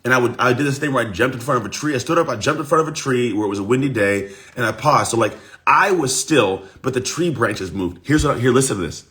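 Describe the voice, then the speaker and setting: A man coach giving an energetic motivational talk on a livestream, his voice rough from the morning. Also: medium pitch, quick pace, hardly any pauses. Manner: energetic, repetitive, talks straight to viewers. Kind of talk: live-streamed motivational talk.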